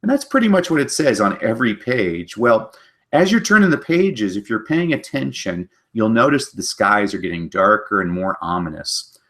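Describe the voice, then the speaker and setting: A man giving an energetic webinar talk on children's books, telling stories and briefly doing character voices. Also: on the low side. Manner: animated storyteller, does quick character voices. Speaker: literacy speaker giving book talks.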